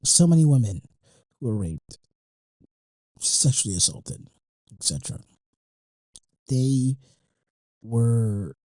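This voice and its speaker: A man's voice: mid-range voice, a little mellow, dry recording, low-quality recording. Rambling, swearing young man host. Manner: rambling, emotional, swears often, many fillers and restarts. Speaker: podcast host. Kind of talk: casual monologue.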